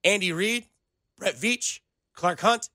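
A young man hosting a sports radio show in a studio, talking in an animated, rambling way full of playful comparisons. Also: high-pitched, slow, no echo. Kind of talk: casual sports radio banter.

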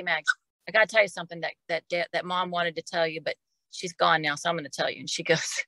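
A middle-aged woman tells a personal story as a guest on a podcast. Her voice is bright and clear, recorded dry and close with little room sound. She talks in an emotional, casual way and often repeats words as she goes. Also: on the low side, no echo, low-quality recording. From Oklahoma.

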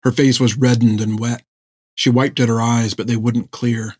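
A man narrating a story in a measured storytelling manner. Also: mid-range voice, level tone, husky, no room sound, clean studio sound. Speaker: audiobook narrator. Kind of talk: scripted narration.

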